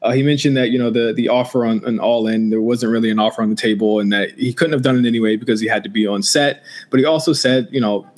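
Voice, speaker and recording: A man's voice: medium pitch, steady tone, fast, few pauses. A man co-hosting a wrestling podcast, chatting casually, laughing and swearing, often restarting his sentences. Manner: laughing, profane, rambling with restarts. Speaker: podcast co-host. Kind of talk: casual chat.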